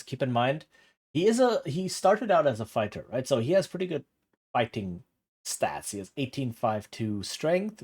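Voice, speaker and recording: A man's voice: medium pitch, a little mellow, husky. A man streaming a role-playing game, commenting with wry amusement and reading the dialogue aloud.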